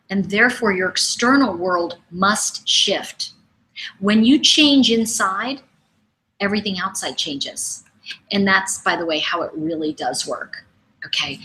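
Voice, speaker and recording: A middle-aged woman coaching in a webinar, telling personal stories and asking her listeners questions in a lively, conversational way. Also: medium pitch, low-quality recording. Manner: animated, conversational, asks the audience questions. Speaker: intuition coach. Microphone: webinar microphone.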